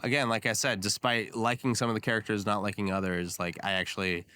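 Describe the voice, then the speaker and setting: A man co-hosting a podcast in a casual, animated chat, emphatic and quick to jump in over the others. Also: fairly low pitch, clear, resonant tone. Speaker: podcast co-host.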